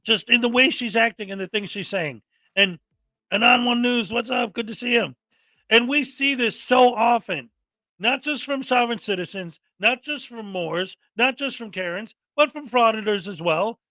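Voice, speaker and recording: High, bright-voiced man ranting in commentary. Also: normal speed, no room sound. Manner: exasperated, mocking, often mimics people angrily. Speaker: commentary host.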